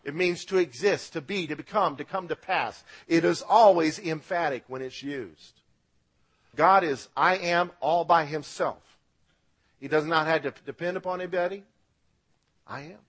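A pastor preaches a sermon at normal speed in a slightly rough voice, swinging between loud, emphatic lines and quiet, low drops for effect. He asks the congregation to repeat words after him.

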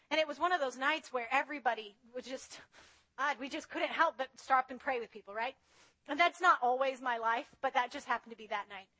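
A woman's voice: high-pitched, pushed and bright, low-quality recording. A woman preaching a sermon in an earnest, conversational way, telling personal stories. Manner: earnest, conversational, tells anecdotes.

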